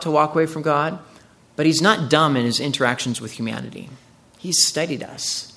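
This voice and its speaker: A man's voice: fairly high pitch, gravelly, fairly bright tone. A man preaching a sermon in an earnest way, walking through a scripture passage and rising into emphatic quoted voices. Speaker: pastor.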